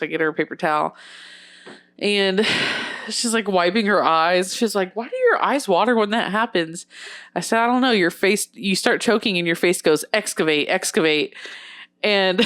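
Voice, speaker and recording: A woman's voice: medium pitch, a bit bright. A young woman co-hosting a podcast who teases her co-host and laughs her way through a story from work. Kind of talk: casual chat and storytelling.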